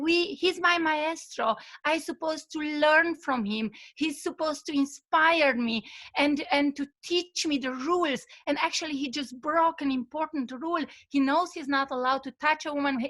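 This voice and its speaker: A woman's voice: high voice, normal speed, a bit bright, voice pushed up. A woman voicing a frustrated young male monk apprentice, complaining in a stammering, indignant way in a spoken story.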